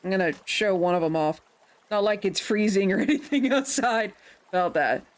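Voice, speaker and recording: A woman's voice: mid-range voice, moderate pace. Playful woman streamer chatting with viewers. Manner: playful, laughing, mock-indignant teasing. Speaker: livestreamer. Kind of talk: casual livestream chat.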